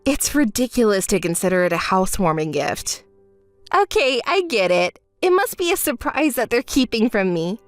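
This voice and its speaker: A woman narrates a texting story in a calm and dryly exasperated manner. Her pitch moves freely even when she is composed, and the recording is dry and close with light music behind her. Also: moderate pace, dry recording.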